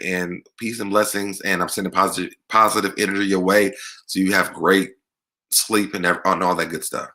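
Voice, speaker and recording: A man's voice: sits low, sharp tone. A young man hosting a livestream, reading viewer comments aloud and answering them in a chatty, laughing way. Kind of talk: casual chat.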